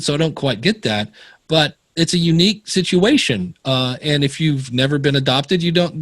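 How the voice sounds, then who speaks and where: Animated storytelling man, dry close sound. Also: fairly high pitch, no echo. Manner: animated storyteller acting out quoted voices. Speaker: podcast guest. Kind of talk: casual storytelling interview.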